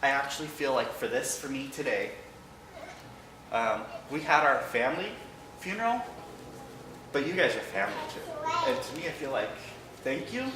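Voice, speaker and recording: A man giving an emotional personal remembrance of his late father to a church congregation, halting at times but with wry humor. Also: mid-range voice, recorded from a distance, background noise. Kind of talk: personal storytelling speech. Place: large church hall. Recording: echoey hall, picked up from afar.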